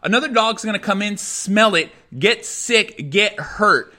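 A man's voice: high voice, animated, measured pace, sharp tone. A man hosting a podcast, ranting angrily and profanely as he reacts to a news clip. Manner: angry, profane, repetitive ranting. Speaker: podcast host.

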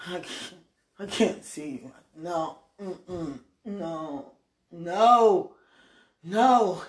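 A woman lying in bed, praying aloud in a moaning, pleading way, drifting between hushed whispers and loud protests. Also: on the low side, very slow. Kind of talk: emotional spoken prayer monologue.

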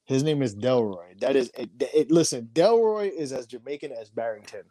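A man co-hosting a podcast, chatting casually with animated, slangy, joking banter. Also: mid-range voice, moderate pace, no room sound. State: tired. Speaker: podcast co-host. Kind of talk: casual chat.

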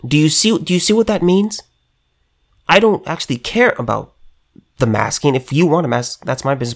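A man's voice: a little high, fairly quick. A man delivering an impassioned political rant straight to his viewers, emphatic, stumbling over restarts and repeating himself. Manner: emphatic, repetitive, stammering restarts, addresses viewers directly. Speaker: political commentator.

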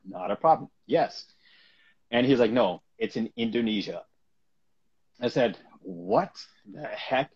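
Husky man telling a lively anecdote. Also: medium pitch. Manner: animated, laughs often, acts out quoted people. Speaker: actor guest. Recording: dull lo-fi recording.

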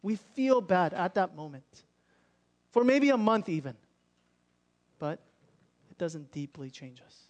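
A man's voice: high voice, sing-song, slow pace, pauses often. A young man preaching a sermon in an earnest, conversational way, acting out people's inner thoughts as he explains. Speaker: pastor.

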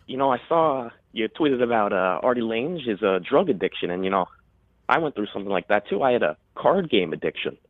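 A man's voice: fairly low pitch, big pitch swings, brisk, no echo. A man calling in on the phone, putting on a wacky, edgy radio voice and talking pushily. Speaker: caller. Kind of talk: prank call bit. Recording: tinny phone line, dry.

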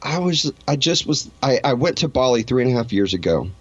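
A man's voice: mid-range voice, sing-song, brisk, breathy edge, no echo, dull audio. A man being interviewed, telling a personal story in an earnest, emotional way and often restarting his sentences. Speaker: interview guest.

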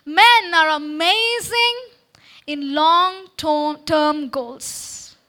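This woman's bright, forceful voice is pitched high, and her pace is extremely slow. At a church meeting, she preaches to the congregation through a handheld mic, urging them on. Again and again she pauses for an "Okay?" exchange with the crowd.

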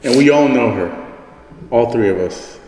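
A man's voice: medium pitch, expressive, a little slow, mellow. A young man hosting a podcast, telling a story in a loose, rambling way, full of "like" and casual swearing. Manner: rambling, heavy use of "like" and swearing. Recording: echoey room with long reverb, faint noise.

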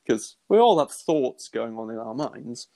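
A middle-aged man teaching in an earnest, conversational way, acting out quoted thoughts with lively exclamations and frequent restarts. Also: mid-range voice, unhurried. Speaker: Christian teacher.

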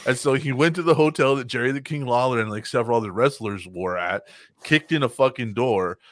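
A man's voice: mid-range voice, a little fast, no echo. Profane man telling stories, dry sound. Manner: profane, animated storytelling with loud acted-out quotes. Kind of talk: casual chat.

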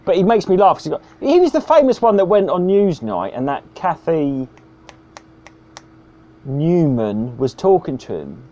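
A man's voice: fairly high pitch, big pitch swings, normal speed, warm tone. A man co-hosting a podcast, rambling, teasing and swearing in casual banter. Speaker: podcast co-host. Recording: dull lo-fi sound.

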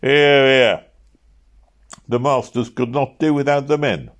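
Guy reading an old novel out loud, middle pitch, steady, gets loud for the shouted bits. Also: normal speed. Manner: steady narration, raising his voice for shouted quotes. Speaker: audiobook reader.

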